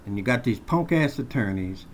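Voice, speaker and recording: A man's voice: mid-range voice, animated, normal speed, a little hiss or hum. A man venting in a heated, profane rant recorded on his phone, hurling blunt accusations. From Colorado. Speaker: vlogger. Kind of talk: angry rant to camera. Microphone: phone camera.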